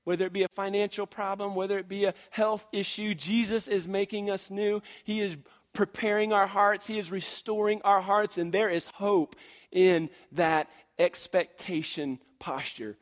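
A male pastor in his thirties delivering a sermon in a voice that sits high for a man. He moves between loud, emphatic passages and hushed, confiding storytelling, often restarting with "and, and". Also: steady tone, moderate pace.

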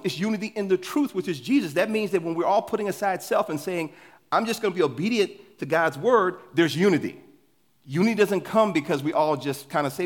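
A man preaching a sermon in a conversational, animated way, asking the congregation rhetorical questions. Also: on the high side. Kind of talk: sermon with scripture reading.

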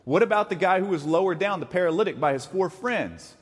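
Middle-aged guy preaching, chatty and animated, bit of a husky voice, big echoey hall. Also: high voice, fairly quick. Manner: conversational and animated, acting out quotes. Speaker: pastor. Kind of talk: sermon.

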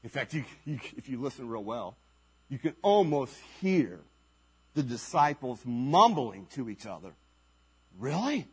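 A man's voice: mid-range voice, expressive, unhurried, darkish tone, husky. A man preaching a sermon as pastor at a church service, speaking emphatically with rhetorical questions and repeated phrases.

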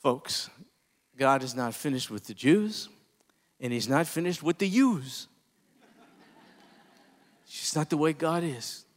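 A man delivers a passionate sermon in a high, animated voice that swings widely in pitch. He climbs to emphatic peaks, then falls away low and soft. His words ring out with a long reverb, as if spoken in a large hall. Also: slow pace, pauses often. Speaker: pastor.

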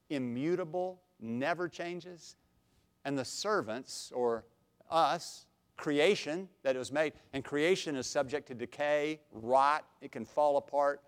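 A middle-aged man preaching an expository sermon, folksy and self-deprecating, swinging from quiet asides to loud, emphatic bursts. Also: medium pitch, clear, resonant tone. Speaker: pastor.

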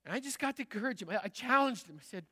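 Bright high-voiced pastor preaching in hall. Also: male voice, very fast, slightly rough. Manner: conversational storytelling, lively and animated. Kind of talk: sermon. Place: large church sanctuary.

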